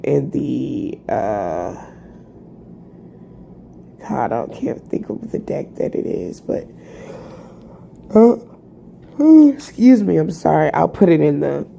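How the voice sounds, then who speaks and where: A tired woman vlogging a rambling, halting personal reflection, full of fillers and restarts. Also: sits low, vocal fry, warm tone, slight background noise. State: tired, yawning. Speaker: spiritual vlogger.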